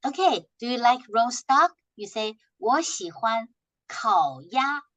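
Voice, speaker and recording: A woman teaching a language class, patiently repeating short phrases slowly for her students to echo. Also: on the high side, animated, fairly bright tone, lo-fi sound.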